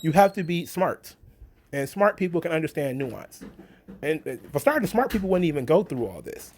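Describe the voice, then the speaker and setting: A man's voice: fairly high pitch, sing-song, moderate pace, darkish tone, slight background noise. A man in a casual opinion rant about wrestling, blunt, sarcastic and profane. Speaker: wrestling commentary vlogger.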